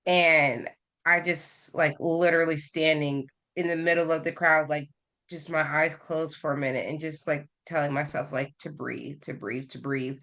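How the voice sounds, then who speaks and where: A woman guest on a podcast candidly relates a personal story in a casual conversation, using lots of fillers. Her low voice is a bit bright, delivered flatly at a moderate pace.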